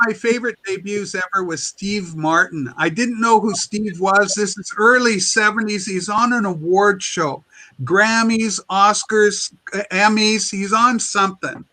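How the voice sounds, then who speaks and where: Bright high-voiced man telling stories. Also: measured pace, rough recording. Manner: lively anecdotes, acts out quotes. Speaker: show host. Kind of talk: casual chat, animated storytelling.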